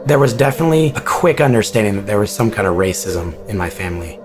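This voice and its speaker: A man being interviewed, recounting a personal story in a halting, reflective way with many restarts. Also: on the low side, music in the background.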